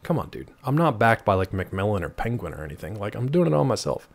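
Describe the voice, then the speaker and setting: A male livestream host chatting casually from home, playful and animated, jumping between high and low pitch. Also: fast, vocal fry. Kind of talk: casual chat while gaming.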